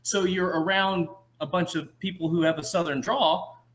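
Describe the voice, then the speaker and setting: A young man co-hosting a podcast, an animated storyteller who laughs and slips into put-on voices. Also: high-pitched, moderate pace. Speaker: podcast co-host. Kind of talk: casual chat.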